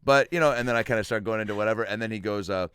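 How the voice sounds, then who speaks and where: Male podcast host, lowish smooth voice, lively storyteller. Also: very fast, no room sound. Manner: animated storyteller acting out bits. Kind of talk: casual chat, telling a stand-up story.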